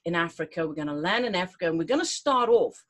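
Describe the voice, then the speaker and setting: Talking fast and with animation in a lowish voice, this middle-aged tour host pitches an upcoming tour straight to camera. It's informal and eager, peppered with fillers and false starts.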